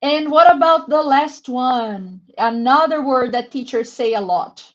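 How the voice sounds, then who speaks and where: A woman with a Brazilian accent leading a live online webinar for English teachers, carefully explaining pronunciation and encouraging participants by name. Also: high voice. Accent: Brazilian Portuguese. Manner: encouraging, reads out names from chat; slow, careful word-by-word explanation. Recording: muffled lo-fi webinar audio.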